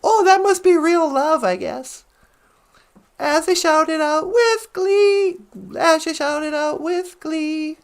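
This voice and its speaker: A man doing a high, sarcastic auntie. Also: very animated, unhurried, vocal fry, few pauses, full character voice. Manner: sarcastic, giggly, sing-song asides. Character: chatty, teasing auntie woman host. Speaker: show character.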